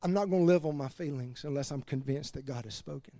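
A man preaching as pastor, animated, laughing between points and dropping to quiet emphasis. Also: a little high, fast talker, no echo. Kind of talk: sermon.

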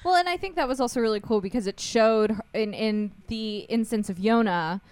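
A woman's voice: fairly high pitch, brisk, a little mellow, clear, resonant tone, no room sound. Woman podcast cohost, casual chatter, keeps trailing off then picking back up. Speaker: podcast co-host.

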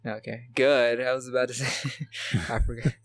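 A man's voice: mid-range voice, flat delivery, normal speed, no room sound. Man casually recapping a horror film. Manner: laughs often, plays back the plot beat by beat. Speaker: podcast co-host recapping a film.

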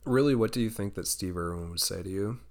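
A man's voice: fairly low pitch, fast, a little mellow. A man co-hosting a podcast in a casual, playful chat, swearing freely. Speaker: podcast co-host.

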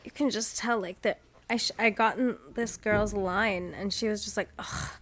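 A woman's voice: medium pitch, fairly even intonation, normal speed, fairly bright tone. A woman guesting on a podcast, telling stories frankly in casual chat and swearing at times.

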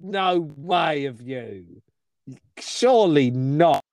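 A man's voice: a little high, lively intonation, very slow, darkish tone, dry recording, studio quality. A man, a comedian co-hosting a podcast, chatting wryly about old gigs and laughing often. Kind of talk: casual chat telling stories.

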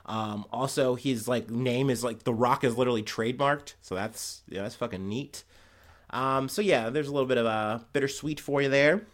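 A man's voice: mid-range voice, moderate pace. A man hosting a podcast, talking through news stories in a rambling, profane, heated way. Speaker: podcast host. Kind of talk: casual news commentary.

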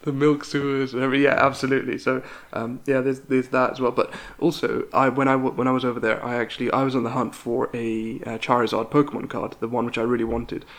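A young man co-hosting a podcast, telling lively stories with frequent laughter. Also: mid-range voice, fast talker, few pauses. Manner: animated storyteller, laughs often. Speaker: podcast co-host. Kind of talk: casual chat.

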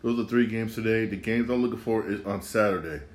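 Man, low voice, casual solo sports talk, rambling, repeats himself, rants now and then. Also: a little fast. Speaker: sports podcast host.

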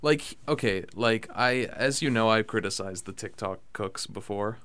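A man's voice: fairly low pitch, normal speed, smooth. Rambling young man hosting a chat. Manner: rambling, excitable, lots of fillers. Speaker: podcast host. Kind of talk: casual chat.

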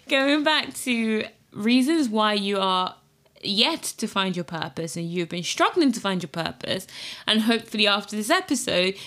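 A woman's voice: mid-range voice, pushed and bright. A woman in her thirties from Nigeria, with an English accent that shows slight Nigerian traces, hosting a podcast as a casual, reflective monologue, chatting, laughing often and restarting her sentences. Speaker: podcast host.

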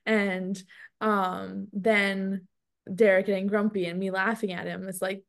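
A woman's voice: medium pitch, measured pace, creaky. A woman in her thirties co-hosting a podcast, telling a story with lots of fillers and frequent laughter. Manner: storytelling, animated, laughs often, many "like" fillers. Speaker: podcast co-host. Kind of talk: casual podcast chat.

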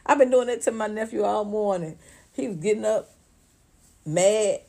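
Animated, profane woman gossiping. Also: mid-range voice, normal speed, gravelly, long pauses. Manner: animated, profane, laughs often, acts out voices. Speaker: commentary channel host. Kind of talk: casual celebrity gossip commentary.

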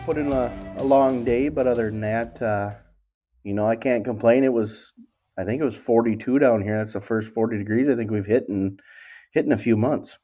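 A man's voice: mid-range voice, moderate pace, mellow, soft background music. A man with a Wisconsin accent, an HVAC business owner, speaking as a guest in an easygoing way. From Wisconsin, United States. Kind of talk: casual interview.

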